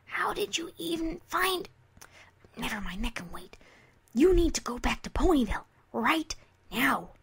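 A woman voicing a nervous tomboy filly pony who talks in a hushed, urgent manner in a storybook reading. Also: very high voice, slow pace, pitched above the performer's own voice, full character voice. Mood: panicked whisper.

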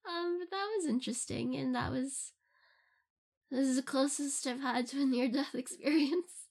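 A woman's voice: high-pitched, normal speed, a little mellow. A young adult woman who creates audio content, answering listener questions in a casual, rambling way and laughing often between phrases. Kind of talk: casual Q&A chat.

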